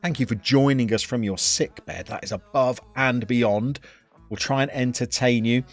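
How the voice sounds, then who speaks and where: A man's voice: mid-range voice, normal speed, no room sound. A middle-aged man, chatting casually as he hosts a live stream and greets viewers by name.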